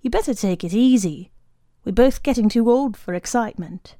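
A woman reading a story aloud, voicing a kindly older working man who talks softly to his dog. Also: fairly high pitch, expressive, normal speed, no echo, clean studio sound, close to an everyday voice. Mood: gentle. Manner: soft, kindly, quiet.

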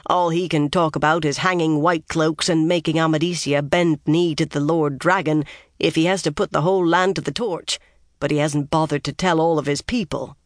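A reader voicing a gruff, grim one-eyed male soldier who growls, talks bluntly and keeps biting back his curses. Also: medium pitch, steady tone, moderate pace, no echo, clean studio sound, close to an everyday voice. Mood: grudging.

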